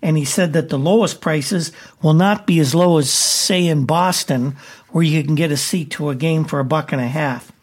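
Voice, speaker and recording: Man reporting sports news, slightly high. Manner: brisk, matter-of-fact delivery with occasional filler "uh".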